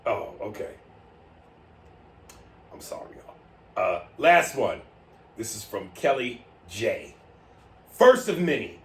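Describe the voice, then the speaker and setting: A man co-hosting a podcast, reading listener emails and riffing loudly with big pitch jumps. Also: slow, long pauses. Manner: animated, loud riffing with sudden pitch jumps. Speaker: podcast co-host. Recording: roomy, distant mic with faint noise.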